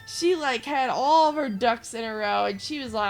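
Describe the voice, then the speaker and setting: A young woman hosting a gaming channel, telling a rambling story with lots of filler words and getting animated as she goes. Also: fairly high pitch, normal speed, soft background music. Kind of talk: casual rambling commentary over gameplay.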